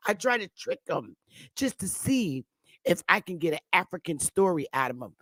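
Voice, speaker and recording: A woman with a Northern US accent giving blunt, animated, casual commentary as host, swearing freely. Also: fairly low pitch, moderate pace, no echo. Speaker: channel host.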